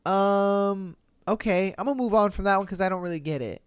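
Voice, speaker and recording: A man's voice: high-pitched, brisk, clear, resonant tone, no room sound, clean studio sound. A man hosting a podcast, reading listener posts in casual, slangy commentary with laid-back, chuckling asides. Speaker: podcast host. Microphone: studio podcast mic.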